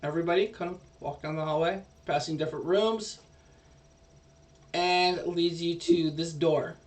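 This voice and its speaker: Slow, rambling game master. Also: male voice, fairly high pitch, fairly even intonation, far from the mic. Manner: rambling, hesitant narration. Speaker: dungeon master. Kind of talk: narrating a tabletop game.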